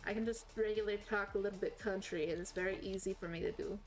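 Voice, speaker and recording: A woman's voice: mid-range voice, steady tone, fast talker, faint music behind, poor audio. A woman with a slight Southern US accent, chatting casually and rambling as a game streamer. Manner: rambling, self-correcting, chatty. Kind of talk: casual chat while playing.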